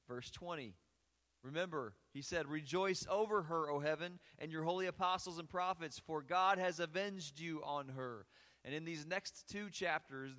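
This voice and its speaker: A man's voice: fairly high pitch, a bit bright. A male pastor preaching a sermon and reading scripture aloud with earnest, rising emphasis in a church sanctuary. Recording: long hall reverb.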